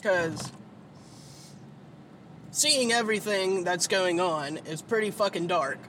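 Slow-paced and fairly bright, a man's high voice carries a sleepy, rambling monologue while he drives. He swears often and fills his speech with fillers, and engine and road noise hum inside the vehicle.

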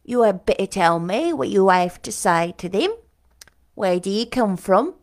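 A woman's voice: medium pitch, animated, measured pace. A woman voicing a blunt, distrustful older woman servant with a country dialect, as an audiobook character. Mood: suspicious.

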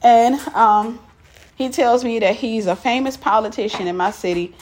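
A woman from tells a personal story in a frank vlog. Her voice sits a little high and has a husky, breathy grain. She speaks candidly and addresses her listeners directly. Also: normal speed, a little mellow. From Mississippi. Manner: walking up stairs while talking.

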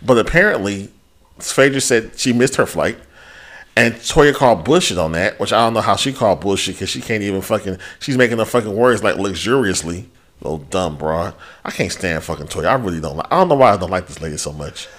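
A man's voice: fairly low pitch, lively intonation, a little fast, a bit bright. A man co-hosting a casual podcast, ranting with lots of profanity and quoting people in put-on voices. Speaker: podcast co-host. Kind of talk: casual chat.

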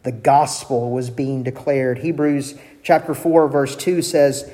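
A man, preaching a sermon, animated, raising his voice when he quotes God. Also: moderate pace, hardly any pauses, in a large hall. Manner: animated preaching, voicing God's lines with a raised pitch.

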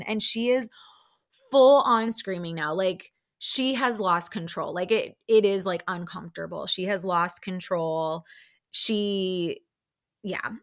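Bright-voiced chatty young woman. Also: lowish voice. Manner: chatty, many "like" fillers, acts out quotes. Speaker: podcast host recapping reality TV. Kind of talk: casual storytelling recap.

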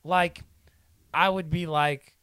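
A man's voice: on the high side, steady tone, takes it slowly, fairly bright tone, smooth, dry recording. A man co-hosting a podcast, chatting casually and leaning heavily on fillers. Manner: filler-heavy, lots of "like". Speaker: podcast co-host. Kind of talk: casual chat.

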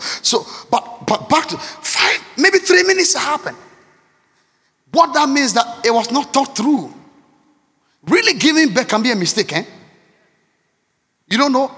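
A man preaching a sermon. He is impassioned and repetitive, swinging between shouts and near-murmurs. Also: sits high. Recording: long reverb of a large hall.

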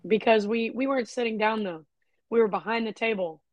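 A woman's voice: a little high, fairly quick, no room sound. A young adult woman co-hosting a podcast, telling frank, profane stories in casual chat. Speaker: podcast co-host.

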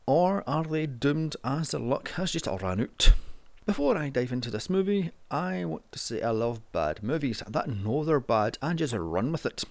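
A man's voice: medium pitch, very animated, normal speed, darkish tone. A man narrating a casual movie review in a sarcastic, sweary way.

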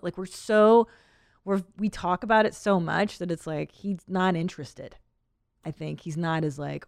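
Chatty woman podcast host, low voice. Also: moderate pace, gravelly, no echo, studio quality. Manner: chatty, rambling, laughs often. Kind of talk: casual chat.

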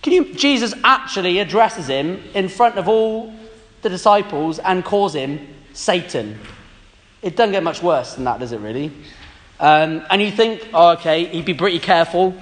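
Guy preaching, highish voice, reads scripture then asks "doesn't it?" type questions, echoey hall. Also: animated, unhurried, a bit bright. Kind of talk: sermon.

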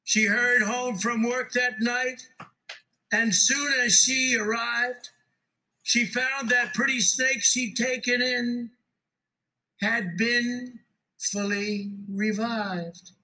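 Casting: emphatic male speechmaker, slow, bright and high. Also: fairly even intonation, low-quality recording. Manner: emphatic, repeats phrases. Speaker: political speaker. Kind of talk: speech reciting a poem.

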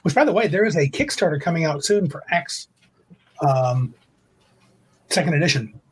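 A man's voice: on the high side, expressive, moderate pace, slightly rough, poor audio. A man co-hosting a livestreamed tabletop gaming talk show, chatting casually and rambling as he corrects himself. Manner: rambling, self-correcting, reads quotes aloud. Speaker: podcast co-host.

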